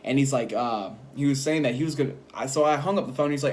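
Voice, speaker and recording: A man in his twenties telling a story in a casual vlog, rambling and animated, laughing between lines. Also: mid-range voice, fast talker.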